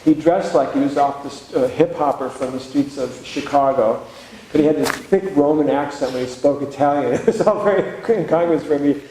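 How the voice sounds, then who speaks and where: Mellow-voiced monk in an echoey hall. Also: male voice, on the high side, moderate pace. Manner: conversational and reflective, with humorous asides. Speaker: monk giving a retreat talk. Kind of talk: spiritual retreat talk. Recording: very echoey room with faint background noise.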